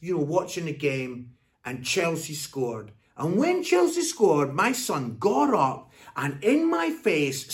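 A man with a Scottish accent giving a Father's Day sermon, telling stories in an animated way before turning soft and earnest. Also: on the high side. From Scotland. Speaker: pastor.

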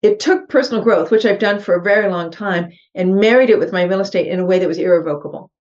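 A woman's voice: mid-range voice, quick pace, a little mellow. A middle-aged woman, a podcast guest, earnestly telling a personal story and acting out her own thoughts in quotes. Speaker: podcast guest, real estate investor. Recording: slightly dull, muffled podcast audio.

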